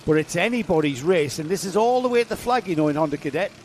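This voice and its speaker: A man's voice: fairly high pitch, fast talker. Man, live race commentary, chatty, jokey, faint track noise. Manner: chatty, jokey, rising excitement on action.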